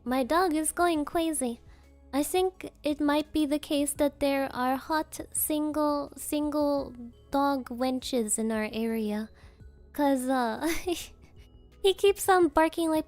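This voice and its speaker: A high-pitched young woman talks to her stream at an unhurried pace, rambling and giggling as she slips into playful voices. Soft music sits faintly behind her. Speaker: VTuber streamer. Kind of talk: casual stream chat.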